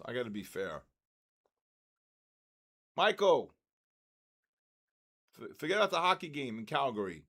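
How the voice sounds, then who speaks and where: Older guy reading out names on a stream like an auctioneer, lively up-and-down voice, slow. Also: medium pitch. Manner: auctioneer-style calls, loud shouts of "next". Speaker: trading stream host. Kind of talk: live stream giveaway calling.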